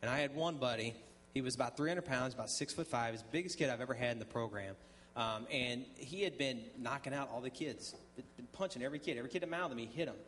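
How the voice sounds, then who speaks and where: Man, mid-pitch, casual storyteller giving a testimony in church, faint hum underneath. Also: fast, fairly bright tone. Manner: conversational storytelling with many ums and restarts; acts out dialogue in quoted voices. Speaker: guest speaker sharing testimony.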